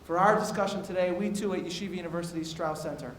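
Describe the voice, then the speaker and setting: Male moderator, higher voice, reading prepared notes with "uh" fillers; roomy hall sound. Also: fast talker, fairly bright tone. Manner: reads quotes aloud with frequent "uh" fillers. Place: university auditorium. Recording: echoey hall with faint noise.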